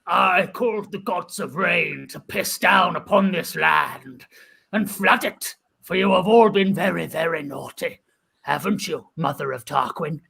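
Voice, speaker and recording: A man's voice: high-pitched, unhurried, creaky, bright, forceful tone, husky, full character voice. A man voicing a sly, sinister old hermit who lures people in and summons storms, in an improvised comedy scene. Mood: menacing. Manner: wheedling, sly.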